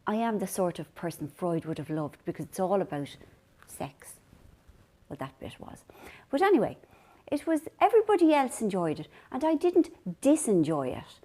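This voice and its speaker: An Irish woman hosts her own video chat in a warm, mellow voice. She wanders from one story to the next and pokes fun at herself, keeping an easy, middling pitch throughout. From Ireland. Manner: rambling, self-deprecating storytelling. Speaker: vlog host. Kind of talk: casual chat to camera.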